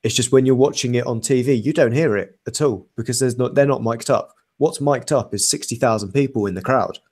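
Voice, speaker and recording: A man's voice: medium pitch, fairly quick, darkish tone. A young man co-hosting a casual football podcast, talking things through in a thoughtful, analytical way with frequent ums and uhs. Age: young adult. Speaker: podcast co-host.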